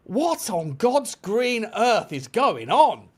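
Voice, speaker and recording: A man's voice: high-pitched, sing-song, takes it slowly, slightly rough. A man hosting a football fan show, chatting casually in an exasperated, joking way with some swearing. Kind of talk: casual chat.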